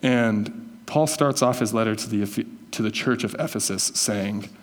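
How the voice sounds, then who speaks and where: A man's voice: on the low side, normal speed, big-room sound. A man preaching a conversational sermon as a pastor, correcting himself and teasing listeners by name.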